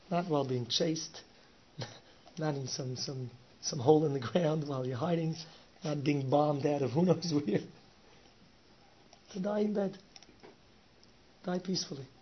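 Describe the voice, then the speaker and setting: A man telling a story with lively energy, often laughing and slipping in Yiddish words. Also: fairly high pitch. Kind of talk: animated oral storytelling. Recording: dull lo-fi recording with faint hiss.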